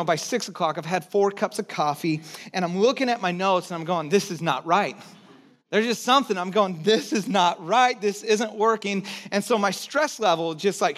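A pastor with a notably high voice delivers a sermon to his church. He talks candidly and pokes fun at himself, loose and full of filler words. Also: fairly bright tone. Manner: candid, self-deprecating storytelling with many fillers.

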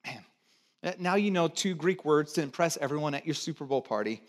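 A middle-aged man from the United States preaches in a church, his voice sitting high for a man. He talks to the congregation like a conversation, has them repeat words back and drops in joking asides. He swings from loud, emphatic lines down to quiet, low ones. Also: expressive, a little fast. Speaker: pastor. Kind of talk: sermon.

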